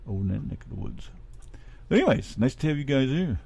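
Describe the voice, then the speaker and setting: A man's voice: medium pitch, very animated, fast, gravelly, warm tone, husky. A middle-aged man from Ohio with a Midwestern American accent, co-hosting a radio show in rambling, casually profane chat.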